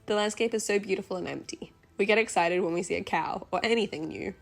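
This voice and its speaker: A woman reads a travel-diary voice-over in a gentle, earnest manner. Her voice has a gravelly, fry-tinged edge, sitting at an ordinary middle pitch for a woman. Soft music plays faintly under her words. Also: quick pace. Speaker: travel vlogger narrator. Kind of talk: scripted voice-over narration.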